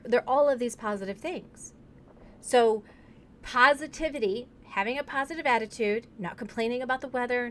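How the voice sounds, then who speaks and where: A woman's voice: on the high side, a little hiss or hum. A woman from Wisconsin, a business coach, leading a live book discussion in an enthusiastic, gushing way, full of fillers. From Wisconsin, USA. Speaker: online tutoring business coach.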